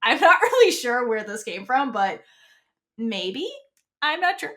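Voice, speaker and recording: A woman's voice: a little high, measured pace. A young woman co-hosting a podcast, chatting casually through an episode recap and acting out characters' lines as she goes. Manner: animated, acts out characters' lines mid-recap. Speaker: podcast co-host. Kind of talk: casual fan recap chat.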